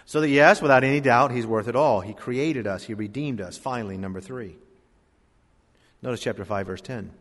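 A man preaching a sermon in a church, building his points with rising emphasis and dramatic pauses. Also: medium pitch, fairly bright tone. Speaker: pastor. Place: church sanctuary. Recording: long hall reverb.

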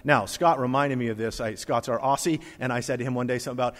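Male preacher mid-sermon, emphatic delivery with sudden drops to a hush, recorded in a reverberant hall. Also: mid-range voice, fairly even intonation, very fast, hardly any pauses. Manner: emphatic, swings from loud to soft, reads scripture aloud. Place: church hall with congregation.

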